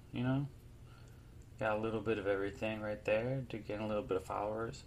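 A man giving casual, joking let's play commentary, reacting excitedly to the game and trash-talking his opponent. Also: on the low side, noisy background. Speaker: gaming YouTuber.

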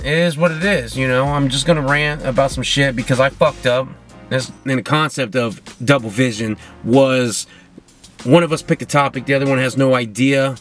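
Alone in his car, a podcast host with a medium-pitched, slightly bright voice drinks and rambles through a casual rant. He swears constantly and keeps cracking jokes at his own expense.

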